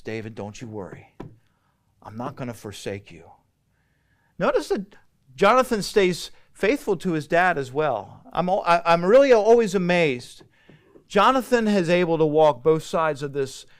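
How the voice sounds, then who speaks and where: A male pastor leading a Bible study, retelling the story in a relaxed, conversational way and acting out bits of dialogue. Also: mid-range voice, clear, resonant tone.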